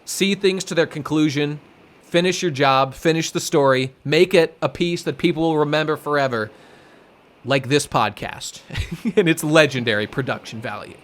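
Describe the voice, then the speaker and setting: A young man co-hosting a podcast in casual chat, rambling excitedly with many fillers and some swearing. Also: fairly high pitch, moderate pace. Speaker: podcast co-host.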